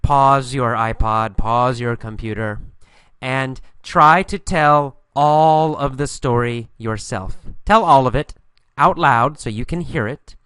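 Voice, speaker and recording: A man teaching an English listening lesson, telling a mini story and repeating each line slowly and clearly for learners. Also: medium pitch, fairly bright tone, no room sound, clean studio sound. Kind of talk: guided story narration with instructions.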